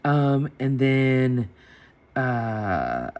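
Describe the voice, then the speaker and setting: Drawing out her words in a very deep voice, this planner vlogger chats from her home desk, dogs close by, as she plans. She animatedly retells an embarrassing story, quoting and acting out the people in it and laughing along.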